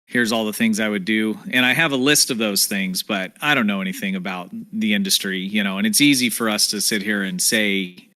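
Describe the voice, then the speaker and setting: A man's voice: on the low side, fairly even intonation, brisk, hardly any pauses, bright, forceful tone. A man on a casual podcast panel, speaking modestly and reasoning with many fillers. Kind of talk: casual discussion.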